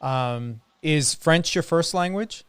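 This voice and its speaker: A man from the United States hosting an interview, chatty with animated asides. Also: a little high, slow pace, smooth, no echo, studio quality. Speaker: interview host. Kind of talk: casual interview chat.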